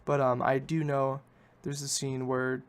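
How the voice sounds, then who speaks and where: A man's voice: mid-range voice, monotone, a little slow, clear, resonant tone. A man hosting a podcast, recapping a film in a rambling, casual way and often correcting himself. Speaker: podcast host.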